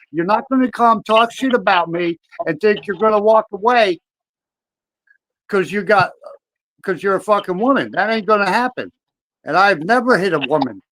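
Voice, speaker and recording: A man's voice: high voice, fairly bright tone, no room sound, low-quality recording. A man speaking as a guest on a livestream, defiant, confrontational and swearing freely. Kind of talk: casual livestream chat.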